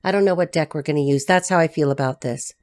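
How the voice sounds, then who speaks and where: A woman reading tarot who chats off the cuff, rambling and swearing freely, laughing often and jumping between low asides and high excited bursts. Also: fast. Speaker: tarot reader and life coach. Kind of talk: casual unscripted chat to camera.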